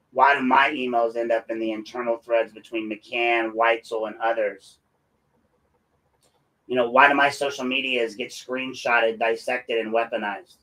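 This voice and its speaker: A man's voice: mid-range voice, gravelly, fairly bright tone, rough recording. Combative, sarcastic male commentary host. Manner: combative and sarcastic, talks straight at his critics. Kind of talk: opinionated commentary.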